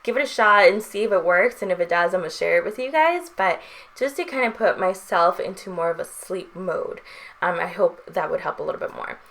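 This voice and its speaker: Chatty young woman, low-ish voice. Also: animated, fairly quick, fairly bright tone. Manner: chatty, frequent "um" and "like", light laughs. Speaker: vlogger. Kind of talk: casual chat.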